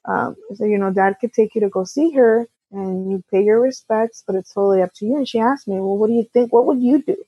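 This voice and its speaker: A woman speaks in a husky, mid-pitched voice, telling a personal story with many restarts and bits of quoted dialogue. The recording is dry and dull, with a lo-fi sound. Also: dry recording. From California. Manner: candid, halting with restarts, quotes others in dialogue. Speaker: auto repair shop co-owner, guest. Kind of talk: conversational storytelling.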